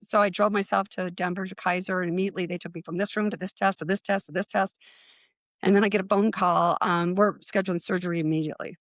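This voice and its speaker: A middle-aged woman telling her own story in casual talk, lively and quick to act out what others said. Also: no echo. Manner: animated, acts out quoted voices with rising pitch. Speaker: guest.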